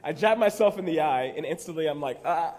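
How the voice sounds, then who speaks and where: A young man from Texas speaks in a slightly high voice, telling a personal story to a conference audience. His delivery is animated and self-deprecating, with quick acted-out quotes. The sound rings with a long hall reverb. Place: large convention hall.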